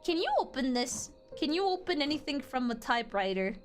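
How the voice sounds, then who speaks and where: A woman's voice: high voice, big pitch swings, brisk, soft background music. A young adult woman streaming a game, chatting casually with her chat in a rambling, giggly way full of fillers.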